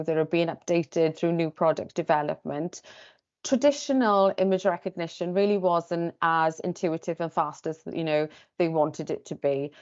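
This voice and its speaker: A woman with a Welsh accent giving a webinar pitch presentation, fluent but with many fillers like "you know" and "um". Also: darkish tone, smooth. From Wales. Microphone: video call. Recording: dull lo-fi video call audio.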